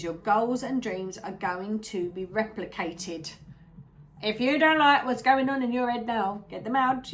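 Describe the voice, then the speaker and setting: A woman giving a chatty, animated tarot reading, often checking in with the listener. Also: fairly high pitch. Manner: chatty, animated, keeps asking "yeah?". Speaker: tarot reader.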